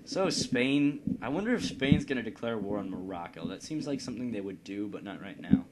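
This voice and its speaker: Here the Indiana man sounds animated and brisk at a medium pitch, with heavy noise in the background. He rambles through casual gameplay commentary from his home computer, joking in a self-deprecating way.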